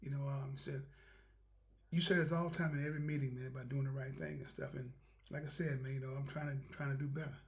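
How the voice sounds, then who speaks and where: A fast-talking man with a medium-pitched, level, creaky voice leads a motivational show. He spins a wandering, down-home story about doing the right thing and offers spiritual uplift in a casual monologue.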